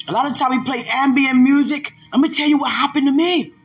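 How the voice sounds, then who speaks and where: A woman's voice: high-pitched, a little fast. Laughing woman preaching with faint music. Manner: laughs often, talks to God aloud; emphatic, preachy rises. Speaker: podcast host. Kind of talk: devotional podcast talk.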